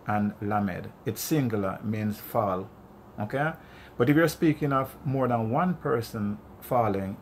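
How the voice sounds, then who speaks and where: Jamaican guy teaching, emphatic, keeps checking you follow, bit of background hiss. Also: mid-range voice. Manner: emphatic, repeats "okay?" to check understanding. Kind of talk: explaining Hebrew vowels.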